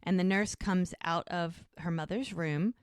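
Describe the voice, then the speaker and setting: A woman's voice: lowish voice, a little slow, clear, resonant tone, dry recording, clean studio sound. A middle-aged woman co-hosting a podcast, chatting casually as she recaps a TV episode and retells the scenes. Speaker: podcast co-host. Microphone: podcast microphone.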